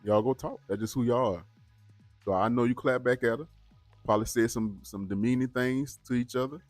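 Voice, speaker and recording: A man's voice: mid-range voice, a little fast, a little mellow, dry recording, faint music behind. A man hosting a reaction channel, talking casually and straight to his viewers, often repeating words as he goes. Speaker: host of a bodycam reaction channel.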